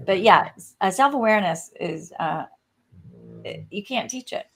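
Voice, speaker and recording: A woman's voice: mid-range voice, very animated, normal speed, creaky, husky. A woman who works as a coach, co-hosting a podcast in a casual, earnest conversational way.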